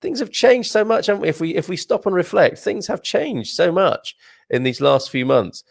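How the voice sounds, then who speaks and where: A man's voice: high-pitched, lively intonation, moderate pace, vocal fry, no echo, studio quality. A man hosting a casual live stream, chatting in a rambling way, laughing often and restarting his sentences. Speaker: host reading viewer comments.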